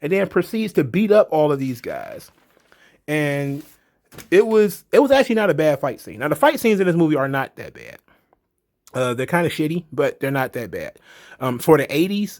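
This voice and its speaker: Man, casual movie review, blunt, rambling, swears, slightly high voice. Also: big pitch swings, brisk.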